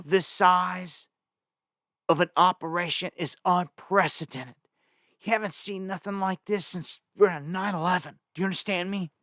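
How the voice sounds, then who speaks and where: A man hosting a live stream speaks urgently and with heavy emphasis, addressing his viewers directly. His voice sits a little high for a man. The sound is dry and close, with no room echo. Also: fairly bright tone. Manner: reads place lists off the screen. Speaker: live news show host.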